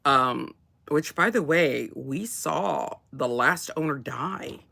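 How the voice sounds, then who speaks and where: A woman's voice: deep voice, lively intonation, takes it slowly, gravelly, bright, forceful tone. A woman chatting casually as a co-host, rambling with many restarts and laughs. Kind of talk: casual chat.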